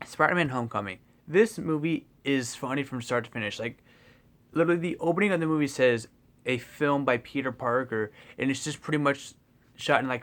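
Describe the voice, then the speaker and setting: A young man talks through a movie in a loose, rambling way, tripping over restarts and fillers. He sounds excitable and drops the odd swear. His voice sits at an ordinary middle pitch. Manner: swears casually. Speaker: movie vlogger. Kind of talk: casual spoiler review.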